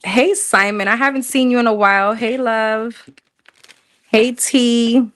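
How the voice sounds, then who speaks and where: A woman's voice: on the high side, fairly even intonation, measured pace, a bit bright. A woman casually chatting through a livestream tarot reading, slangy, thinking aloud as she pulls cards. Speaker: tarot reader.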